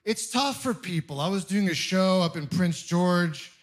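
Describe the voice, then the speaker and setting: A man in his thirties from Ontario doing a stand-up comedy set, telling stories with animated, acted-out voices. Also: sits high, unhurried. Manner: animated storytelling, acting out voices. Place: comedy club stage with audience.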